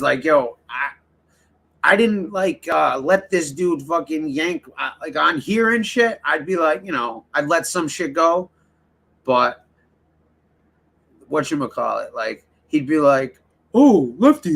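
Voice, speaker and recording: Slow-talking, gravelly livestream host, a man who rambles, swears a lot and chats with viewers. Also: a little high, pushed and bright. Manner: rambling, heavy swearing, talks straight to the chat. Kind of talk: casual livestream chat with viewers.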